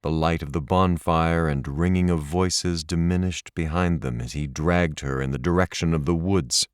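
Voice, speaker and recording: A man narrating an audiobook in a measured, expressive reading. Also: sits low, clear, resonant tone, no room sound, clean studio sound. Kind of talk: scripted narration.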